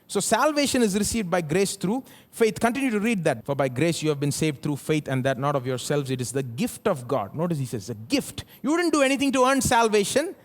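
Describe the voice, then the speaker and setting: A male pastor with an Indian English accent preaching at a live church service, asking the congregation rhetorical questions and swinging between loud and soft. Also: fairly high pitch, sing-song, fairly quick, hardly any pauses. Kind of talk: sermon.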